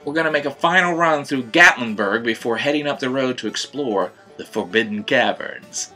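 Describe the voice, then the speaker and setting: A man's voice: medium pitch, expressive, normal speed, hardly any pauses, pushed and bright. A man narrating a family travel vlog in a dry, self-mocking tone. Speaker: vlogger and father. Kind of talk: scripted narration. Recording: voice-over with music behind.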